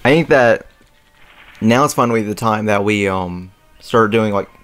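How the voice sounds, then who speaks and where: A young man with a lowish voice talks through a strategy game in a loose, rambling way, full of ums, likes and throat clearing. Faint game music runs quietly underneath his voice. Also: normal speed. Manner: rambling, filler-heavy, frequent throat clearing. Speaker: let's play host. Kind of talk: casual gameplay commentary.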